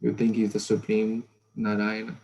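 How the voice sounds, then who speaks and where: A man's voice: fairly low pitch, completely flat delivery, moderate pace, darkish tone, low-quality recording. A man voicing a doting mother who teasingly scoffs at claims that her small son is divine. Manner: teasing, chatty, rhetorical questions.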